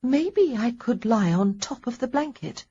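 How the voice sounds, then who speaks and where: A woman's voice: a little high, animated, measured pace, dark tone, husky, highs cut off, pitched above the performer's own voice, heavily acted. A woman narrating an audiobook, voicing a caring young lady who sits at a sickbed, speaking earnestly and a little fretfully. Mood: tired, amused. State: sleepy.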